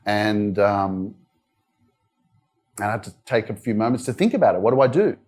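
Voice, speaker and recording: A man's voice: lowish voice, lively intonation, moderate pace, a little mellow. Australian man telling a personal story. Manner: candid storytelling, frequent "like" and "you know" fillers. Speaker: motivational speaker. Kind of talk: live motivational talk. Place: wellness centre event room.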